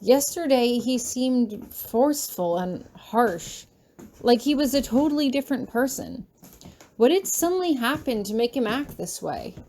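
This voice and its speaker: A woman narrates a story in the first person, her fairly high voice soft and a little shaky. She reads with anxious, hushed care. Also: lively intonation, unhurried, slight background noise. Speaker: fan fiction reader.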